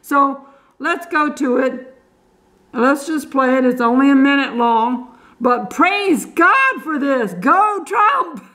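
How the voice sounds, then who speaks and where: A woman's voice: high voice, a bit bright. An older woman, chatting fervently to her viewers about faith and praising God. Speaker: Christian video blogger. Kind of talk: casual chat to camera.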